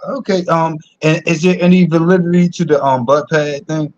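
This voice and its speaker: A man's voice: on the high side, fairly even intonation, normal speed, darkish tone, dry recording, dull audio. A man from Philadelphia hosting a casual stream, chatty, laughing often and full of fillers. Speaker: host. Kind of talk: casual live-stream chat.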